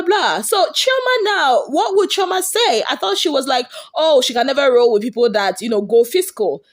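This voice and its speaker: A Nigerian woman chats through a gossip recap with a bright, high-pitched voice. She is animated and chatty, tossing in rhetorical questions as she goes. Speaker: entertainment gossip vlogger.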